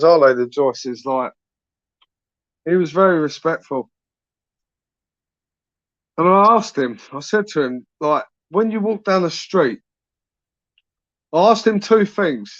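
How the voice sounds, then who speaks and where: Guy chatting on his channel, a bit high-voiced, swears a lot, keeps saying innit, dry dull audio. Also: dry recording. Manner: rambling, sweary, frequent tag questions. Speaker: YouTube channel host. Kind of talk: casual live-stream chat.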